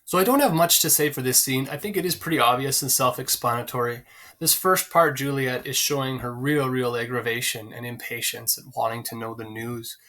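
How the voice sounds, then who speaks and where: Male teacher, bright clear voice, casual lesson delivery with plenty of fillers. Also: medium pitch, fairly even intonation. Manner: conversational, many fillers, pauses to find lines. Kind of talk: explaining a play to students, casual.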